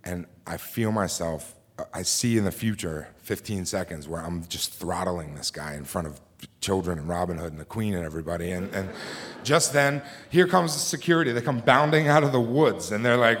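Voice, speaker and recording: A man's voice: medium pitch, a little fast, a bit bright. A man telling a dramatic personal story on a theater stage, then hosting and introducing the next storyteller. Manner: intense, dramatic, acts out quotes. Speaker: host and storyteller. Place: theater stage before a live audience.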